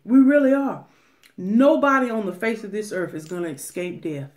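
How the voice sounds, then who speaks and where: A middle-aged woman, talking casually to camera on an eating channel, emphatic and preachy with many restarts. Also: medium pitch. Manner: emphatic, preachy, drawn-out phrases with repeated restarts. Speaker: mukbang vlogger.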